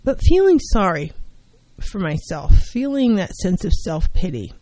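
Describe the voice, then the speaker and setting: Earnest, warm-voiced woman therapist. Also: lowish voice, sing-song, unhurried, no room sound, rough recording. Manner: earnest, emphatic, repeats key phrases. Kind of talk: self-help talk on mental health.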